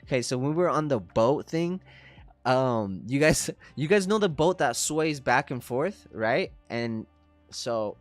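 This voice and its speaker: A man's voice: medium pitch, expressive, unhurried, faint music behind. Laid-back man chatting on a livestream. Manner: laid-back, profane, laughing storyteller. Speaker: trading livestream host. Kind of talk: casual livestream chat.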